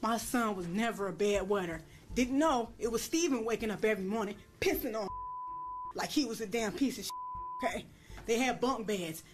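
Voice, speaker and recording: A woman testifying in a courtroom, blunt and profane, raising her voice when she re-enacts what was said. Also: a little high. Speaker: defendant at a plea hearing.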